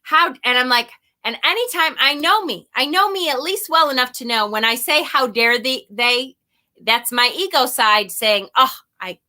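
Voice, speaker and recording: A woman's voice: high-pitched, sharp tone. A woman talking casually and candidly to her viewers, rambling a little, swearing and laughing at herself, and reading viewer comments aloud. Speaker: spiritual vlogger. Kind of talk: casual confessional talk to viewers.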